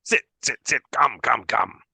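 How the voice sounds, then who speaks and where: A man's voice: medium pitch, unhurried, gravelly, pushed and bright, slightly rough, no room sound, heavily acted. A man voicing a middle-aged granny Duergar woman, a sweetly insistent, fussy hostess in a fantasy tabletop game. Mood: coaxing.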